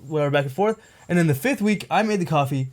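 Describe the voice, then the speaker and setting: A man's voice: fairly high pitch, expressive, fast, a little mellow. A young man on a podcast telling a long personal story in casual chat, rambling and packed with filler words. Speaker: podcast co-host.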